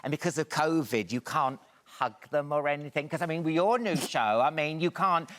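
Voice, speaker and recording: A man's voice: fairly high pitch, normal speed, a bit bright. An English man on a talk show sofa, telling comic stories in a camp, giggly way and acting out other people's voices. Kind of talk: comic anecdote.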